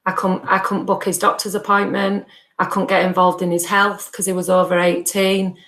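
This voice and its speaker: A woman telling her story as a guest on a podcast, in an earnest, halting way. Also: medium pitch, flat delivery, fairly bright tone, roomy sound, rough recording. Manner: earnest, halting, acts out remembered dialogue. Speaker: guest, bereaved mother. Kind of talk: personal storytelling in a podcast interview.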